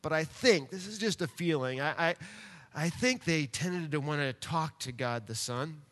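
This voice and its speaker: A man preaching a sermon, telling a personal story in an animated way and speaking directly to his congregation. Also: on the high side, normal speed. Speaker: pastor. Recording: long hall reverb.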